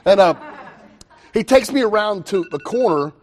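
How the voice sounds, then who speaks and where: A young man telling his own recovery story to a meeting, animated, with quick asides and self-mocking humor. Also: high-pitched, a little hiss or hum. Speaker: recovery speaker.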